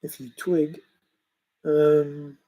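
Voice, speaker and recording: A man's voice: fairly high pitch, level tone, drawn-out words, dark tone, low-quality recording. A man hosting a livestream, chatting casually in a rambling way and chuckling as he reacts to viewers' comments. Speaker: livestream host reading chat. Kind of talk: casual chat.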